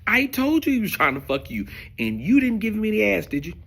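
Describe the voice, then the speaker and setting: A male comedian puts on a nosy friend who needles him with pointed questions. The voice jumps higher and gets pushy and insistent, with a gravelly edge. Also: wildly swooping pitch, brisk, fairly bright tone, heavily acted. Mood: teasing.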